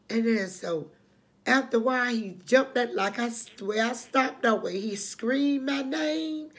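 A woman's voice: on the high side, a little slow. An older woman hosting her own channel, telling her life story to the camera in an emotional, preachy way, calling listeners honey and repeating herself. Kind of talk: emotional personal testimony to camera.

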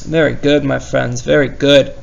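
A male teacher giving an online spelling lesson, slowly sounding out words and teasing himself in a playful way. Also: medium pitch, level tone, vocal fry, lo-fi sound.

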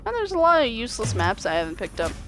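A woman's voice: a little high, wildly swooping pitch, quick pace, fairly bright tone, slight background noise. Chatty woman streaming a game, slight Southern twang. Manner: chatty, talks back to the game. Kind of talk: live-streamed gameplay commentary.

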